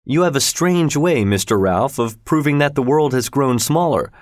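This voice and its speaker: A man voicing an excitable Victorian gentleman who throws out loud, challenging wagers. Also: medium pitch, moderate pace, no echo, clean studio sound, voice pushed up, close to an everyday voice. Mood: doubtful.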